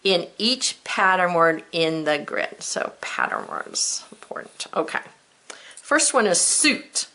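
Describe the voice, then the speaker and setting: A woman's voice: lowish voice, very animated, slow, bright, forceful tone. A woman teacher giving a recorded spelling lesson to children, patient and encouraging, stretching out the sounds of words.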